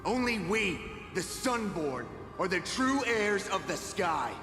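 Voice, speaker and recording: Scornful sun-folk zealot. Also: male voice, high-pitched, very animated, slow, bright, forceful tone, faint music behind, full character voice. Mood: proclaiming. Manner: scornful and declaiming. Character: proud zealous male sun-folk leader. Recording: long hall reverb.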